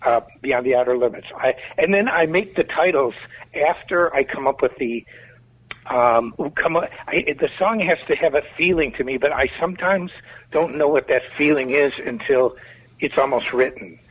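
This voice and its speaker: A man's voice: mid-range voice, moderate pace, breathy edge. A man with a Chicago accent, a guest musician rambling through stories in a casual interview. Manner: rambling, talkative storyteller. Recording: tinny phone-like line.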